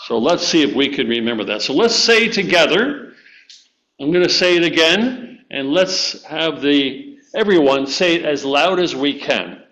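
A man's voice: fairly high pitch, lively intonation, a little slow, a bit bright. A man teaching a church group a memory verse, encouraging and coaxing them to recite it together. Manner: encouraging, repeats and coaxes listeners to join in. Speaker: church teacher leading children. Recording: dull lo-fi recording.

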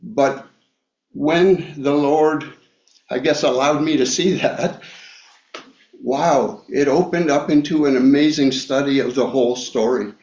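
A man preaching a Bible study sermon, talking slowly with many fillers and restarts. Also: mid-range voice, a little mellow. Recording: echoey room, dull lo-fi sound.

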